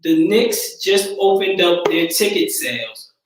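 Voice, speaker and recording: A man from Yonkers hosting a casual sports chat on a live stream, relaxed and repeating his phrases with lots of fillers. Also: sits high, measured pace, distant mic, a little hiss or hum. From Yonkers, New York. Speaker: stream host. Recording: echoey room, away from the mic.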